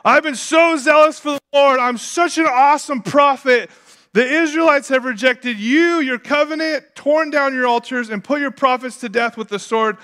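A man voicing an overwhelmed prophet who complains to God in a shouted, self-pitying rant. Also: extremely high pitch, normal speed, pitched above the performer's own voice. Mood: whiny, exasperated.

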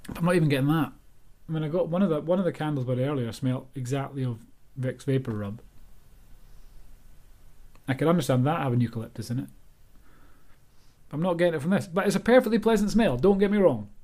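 A man's voice: a little high, quick pace, long pauses, warm tone. A Scottish author hosting his own podcast, talking alone in a rambling, self-deprecating, chatty way. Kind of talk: casual solo podcast monologue.

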